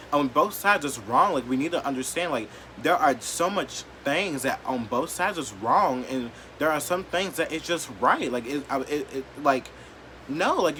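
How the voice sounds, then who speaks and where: A man vlogging an emotional rant to camera, blunt and profane, leaning on "like" and swinging between quiet, hurt lows and loud, defiant outbursts. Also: slight background noise. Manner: blunt, profane and heated, heavy use of "like".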